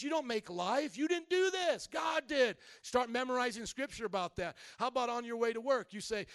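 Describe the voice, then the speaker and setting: High-voiced animated man preaching. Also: no echo, studio quality. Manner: animated, acts out little scenes, calls to the congregation. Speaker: pastor. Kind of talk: sermon.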